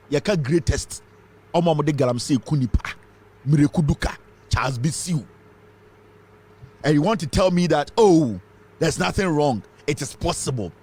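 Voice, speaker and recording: A man's voice: on the high side, slightly rough. A man from Ghana with a Ghanaian accent, giving fiery political commentary full of rhetorical questions. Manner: fiery, rhetorical questions, mixes English and Twi.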